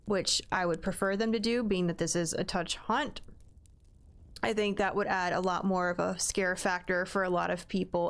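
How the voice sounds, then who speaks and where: A woman's voice: mid-range voice, clean tone. A woman giving a casual spoken review of a haunted attraction, talking in a rambling, hesitant way with frequent restarts.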